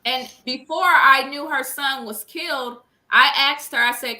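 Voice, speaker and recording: A middle-aged woman, a grieving mother, speaking earnestly and haltingly as an interview guest. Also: sits high, sharp tone, low-quality recording. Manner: earnest, halting, repeats words when upset. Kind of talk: emotional conversational interview.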